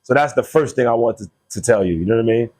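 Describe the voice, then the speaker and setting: A man's voice: mid-range voice, quick pace, a little mellow. A man hosting a podcast, talking in a casual, earnest way and telling stories from his own life. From Connecticut. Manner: earnest, storytelling, laughs easily. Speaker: podcast host. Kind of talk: casual conversation.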